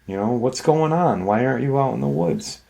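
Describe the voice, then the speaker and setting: A man's voice: medium pitch, lively intonation, moderate pace, gravelly, mellow. A man voicing a worried mother, urgent and questioning as she searches for her boys. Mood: urgent worry.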